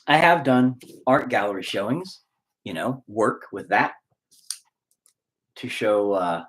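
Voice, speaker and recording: Man, musician, casual monologue, candid and rambling, pitch swings up and down a lot. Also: big pitch swings, slow pace, a bit bright. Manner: rambling, candid, swears freely. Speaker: musician and lyricist.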